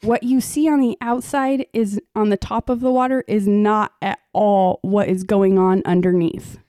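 Middle-aged woman cohost, mid pitch, dry close mic, breaks things down plainly. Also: steady tone, normal speed, dark tone, dry recording. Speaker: podcast co-host. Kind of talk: casual chat.

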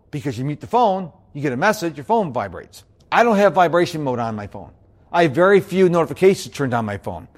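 A man giving an upbeat, energetic motivational talk on productivity to an audience, who also hosts a podcast. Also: fairly high pitch. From United States. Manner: bouncy and upbeat, always energetic. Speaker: productivity speaker and podcast host.

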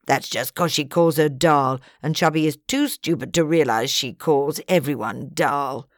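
A woman voicing a wry, blunt, sharp-tongued female character in a read-aloud story, in a deadpan manner. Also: low voice, measured pace, no room sound, clean studio sound.

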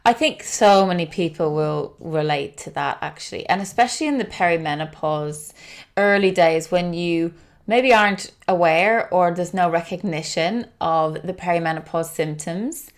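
Woman podcast host, calm and reflective, empathetic questions. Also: on the low side, normal speed. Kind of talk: podcast interview.

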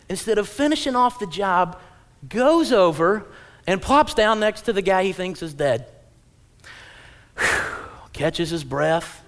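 A male pastor with a high-pitched voice delivers a humorous, conversational sermon. He swings between loud, animated acted-out lines and quiet, low-key asides. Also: slow, long pauses, big-room sound.

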